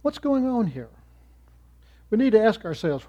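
A man giving a sermon in church, swinging from loud emphatic rises to soft trailing endings. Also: sits high, sing-song, normal speed. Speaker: church speaker. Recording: muffled lo-fi recording.

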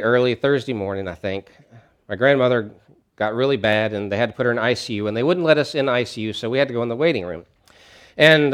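Storytelling male pastor, slightly high voice. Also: fairly bright tone. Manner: conversational storytelling with frequent restarts. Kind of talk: sermon.

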